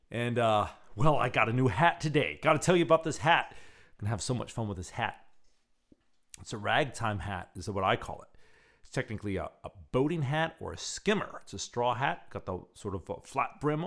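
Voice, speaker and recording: A man hosting his own radio show, talking casually and acting out scenes as he tells stories. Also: on the low side. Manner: animated storyteller who acts out scenes.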